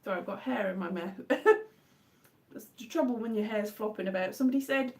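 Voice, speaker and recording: A woman's voice: moderate pace, recorded from a distance. A woman chatting casually on a live stream, telling rambling stories with lots of restarts and self-corrections. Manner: animated, jumps into high-pitched acted exclamations.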